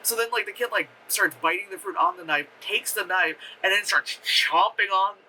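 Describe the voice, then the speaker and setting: A young man recaps a film in loose, profane chatter, full of fillers and excited retellings. His voice sits a bit high and sounds very bright and forceful, with a faint hum behind him. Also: normal speed, rough recording. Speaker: movie reviewer. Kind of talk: casual rambling film review.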